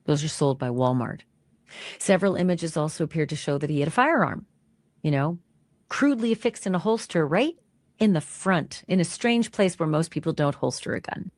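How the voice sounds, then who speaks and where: A woman's voice: deep voice, lively intonation, normal speed, a little mellow, no room sound. A woman narrating a true-crime recap in a suspenseful storytelling way.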